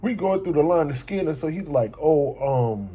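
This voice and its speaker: A young man recapping a trip on his vlog, animated and profane, retelling an argument by quoting both sides. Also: a little high, normal speed, slightly rough. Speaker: vlogger. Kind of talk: casual storytime vlog recap.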